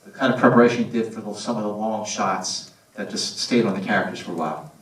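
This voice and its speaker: Brisk man repeating audience questions. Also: fairly low pitch, far from the mic. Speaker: moderator. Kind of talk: moderating a Q&A. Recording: echoey cinema from afar.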